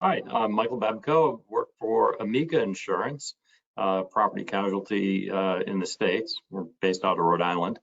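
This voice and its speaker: A man introducing himself on an online panel, thoughtful and halting with many fillers. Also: fairly low pitch, creaky, a bit bright, slightly rough, muffled recording.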